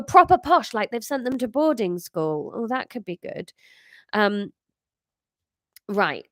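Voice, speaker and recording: A woman's voice: on the high side, a bit bright, no room sound. A woman hosting a podcast, chatting and reading an improvised comic story, self-mocking and full of restarts.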